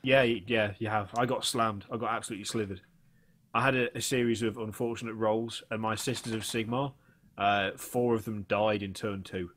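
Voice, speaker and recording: A man's voice: fairly low pitch, normal speed, a little hiss or hum. Rambling man telling stories. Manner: rambling, excitable storytelling, swearing. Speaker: podcast co-host. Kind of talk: casual gaming chat.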